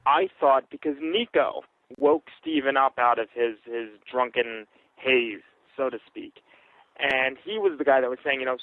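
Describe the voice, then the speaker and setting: A man's voice: medium pitch, animated, moderate pace, no room sound. Blunt man on a tinny line. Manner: blunt, crude jokes. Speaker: podcast co-host. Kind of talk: casual movie review chat. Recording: tinny, lo-fi and dry.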